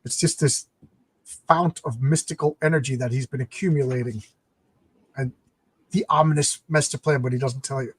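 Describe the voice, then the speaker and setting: A man's voice: mid-range voice, fairly even intonation, moderate pace, long pauses, breathy edge, dry recording. A man hosting a casual late-night comics live stream, rambling as he retells comic plots.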